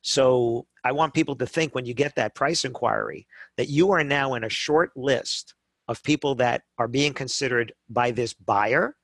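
Animated middle-aged man telling sales stories. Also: medium pitch, no echo. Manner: animated storytelling, acts out customers, frequent "right?" tags. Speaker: guest speaker on wedding business. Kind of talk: conversational podcast talk.

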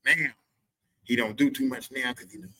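A man telling a comic story on his podcast, animated and profane, repeating lines for emphasis. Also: mid-range voice, normal speed, slightly rough. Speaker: podcast host.

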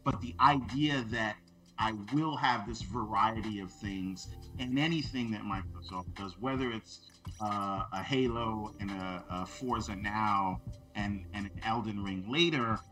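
A man's voice: fairly low pitch, a little slow, pushed and bright, faint music behind. A man co-hosting a gaming podcast in casual talk, arguing his points at length with examples, a father with kids. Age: adult father of children. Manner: argumentative, builds points with examples. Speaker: podcast co-host.

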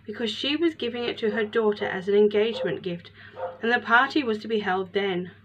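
A woman narrating a storybook tale in an expressive, measured way. Her voice sits in a middle pitch. The recording is slightly muffled, with a faint hiss beneath.

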